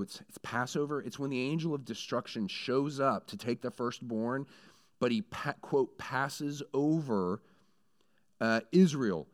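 A man preaching a sermon in a conversational way who builds into animated storytelling. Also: mid-range voice, clean tone. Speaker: pastor.

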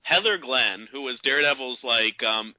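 A man on a podcast, chatting casually in an animated, rambling way with many fillers. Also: mid-range voice, moderate pace, no room sound. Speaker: podcast co-host. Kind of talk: casual chat. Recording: slightly dull lo-fi sound.

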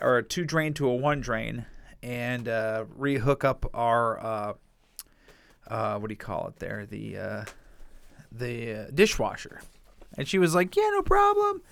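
A man co-hosting a podcast, telling stories in a casual, profane and animated way. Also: medium pitch, gravelly, no room sound. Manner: profane, animated storytelling with frequent laughs. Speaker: podcast co-host.

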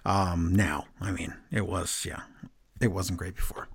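A man's voice: sits low, measured pace, vocal fry, husky. A man co-hosting a podcast, recapping wrestling in casual chat and acting out quotes for laughs. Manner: animated, jokey, acts out quotes. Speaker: podcast co-host.

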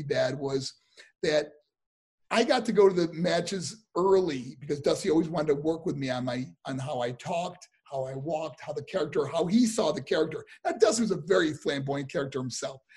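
A man being interviewed, telling animated stories about his past career, with many fillers and acted-out voices. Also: fairly high pitch, slightly rough. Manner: animated, acts out voices in anecdotes, frequent fillers. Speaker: interview guest, former wrestler. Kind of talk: casual storytelling.

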